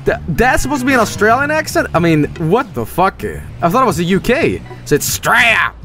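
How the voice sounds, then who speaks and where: A man streaming a game, joking crudely and reacting with excitement. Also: sits high, fairly quick. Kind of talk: live game commentary. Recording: game music behind.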